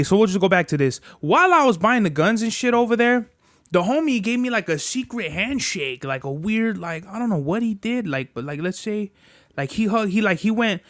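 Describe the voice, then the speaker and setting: A young man with a high voice riffs through his solo podcast, swearing freely and tacking "bruh" onto his sentences. His talk is loose and rambling, full of restarts and asides. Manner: profane, rambling, slangy with frequent "bruh"; soft, cooing baby talk to his dog. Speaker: podcast host. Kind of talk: casual solo podcast chat.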